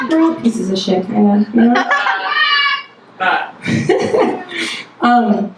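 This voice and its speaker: A woman's voice: on the high side, expressive, slow, pauses often. Profane, jokey woman in an echoey venue. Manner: profane, frank and jokey, laughs often. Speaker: storyteller at a live show. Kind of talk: comic personal storytelling. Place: live storytelling stage before an audience. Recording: very echoey venue, distant mic, noisy.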